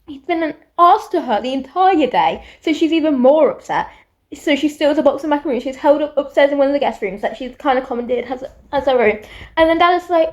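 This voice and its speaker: A woman with a British accent chatting through a casual book recap, retelling the story in an animated way with quick asides. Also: high-pitched. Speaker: book vlogger.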